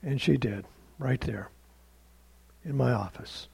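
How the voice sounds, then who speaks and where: A man's voice: medium pitch, a little slow, gravelly, darkish tone, husky. A man pastor telling a story in a sermon, plainly and conversationally, acting out the dialogue.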